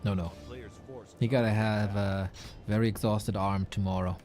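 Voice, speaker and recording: A man's voice: on the low side, flat delivery, moderate pace, darkish tone, soft background music. A man casting a competitive strategy game, casual and playful, bantering with his co-caster and laughing often. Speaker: esports caster.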